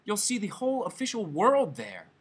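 A timid clerk husband stammers and coaxes, keen to please, as a male reader puts him on. His voice is husky and lively, rising and falling as he talks, in a storybook read aloud. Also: high voice, moderate pace, voice pushed up, full character voice. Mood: eager. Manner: stammering, hopeful.

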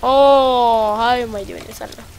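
A high-pitched woman narrating her own gameplay in a let's play. She is excitable, swears freely and loops the same phrases again and again. A faint hiss sits under her voice. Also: moderate pace. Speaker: gaming channel host.

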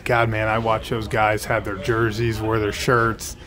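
A man in his forties, a former ballplayer and broadcaster, chatting enthusiastically in an interview with quick restarts. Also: lowish voice, monotone, a crowd in the background. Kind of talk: casual interview.

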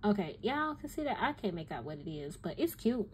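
A woman's voice: mid-range voice, a little fast, breathy edge. Woman doing a chatty stationery haul at her desk, voice bouncing all over, talks right to the viewers. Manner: animated, exclaiming, talks straight to viewers. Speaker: stationery vlogger. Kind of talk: casual chatty haul video. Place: at home desk.

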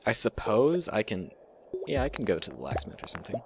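Lowish-voiced man doing gameplay commentary. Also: fairly quick, vocal fry, slightly rough. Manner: excitable, profane, jokey, with sudden squeaky outbursts. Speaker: let's play host.

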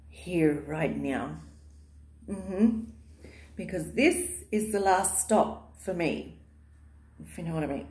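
In a lowish, slightly mellow voice, a woman vlogs casually from the living room of the house she just moved into. Her talk is affectionate and gushing, full of fillers, and the bare room sounds echoey.

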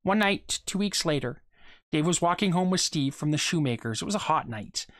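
A reader narrating a short story aloud for students, in a steady, measured manner. The voice sits at a middle pitch, and the recording is dry and close with no room sound. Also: no echo.

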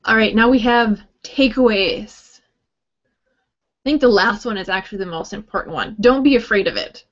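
A woman's voice: mid-range voice, normal speed, a bit bright, lo-fi sound. A woman teaching a writing workshop on grammar, explaining in a friendly way with light joking asides. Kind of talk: recorded grammar lesson talk.

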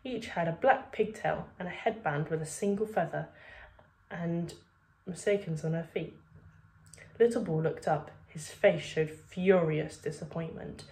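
A woman reading a children's book aloud with steady, expressive narration. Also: fairly low pitch, a little slow. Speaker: reader. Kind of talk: storybook read-aloud.

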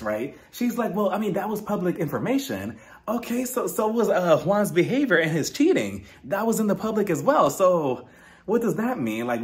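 A man with a fairly high voice that swings all over the place, giving an opinionated reality TV recap. He talks straight to his viewers and is blunt in his takes. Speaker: reality TV reviewer. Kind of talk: casual recap commentary.

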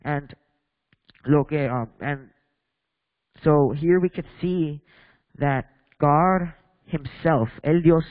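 Reading scripture and questioning the congregation, a man preaches in a church, shifting between Spanish and English and restarting haltingly. He speaks a little high. The recording is dry and phone quality, though it places him in a large hall.

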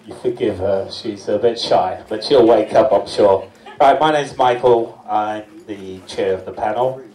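A man chairing a panel, introducing himself in an easygoing, halting way. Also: lowish voice, darkish tone. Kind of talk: self-introduction. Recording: echoey hall, distant mic.

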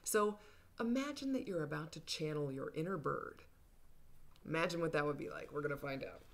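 A woman's voice: low-pitched, a little fast. A woman hosting a children's storytime, reading a picture book aloud in a playful, encouraging, sing-song way. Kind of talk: toddler storytime reading and songs.

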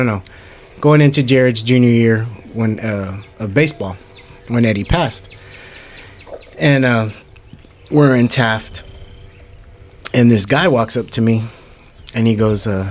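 A man's voice: mid-range voice, slight background noise. Rambling middle-aged man telling family stories. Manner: rambling storyteller with many fillers and quoted dialogue. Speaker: brother sharing memories. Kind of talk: casual family conversation.

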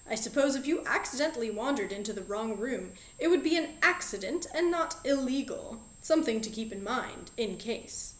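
A woman plays a genial, eccentric middle-aged magic shop owner and father in an audiobook, fussy and politely formal, with a lilting voice pitched fairly high. The reading rings in a roomy, echoey space. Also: expressive, moderate pace, hardly any pauses, close to an everyday voice.

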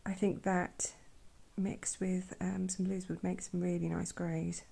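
A woman talking softly while swatching paints, often dropping to a whisper and gushing with delight. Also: on the low side, level tone, measured pace, vocal fry, husky. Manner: gushing, effusive, trails off into whispers. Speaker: art vlogger. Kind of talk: soft-spoken swatching commentary.

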